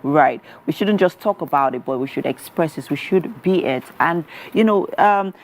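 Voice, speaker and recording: A woman's voice: deep voice, expressive, normal speed. A woman with a Nigerian English accent hosting a breakfast TV show and interviewing an author in a chatty way full of "you know" fillers.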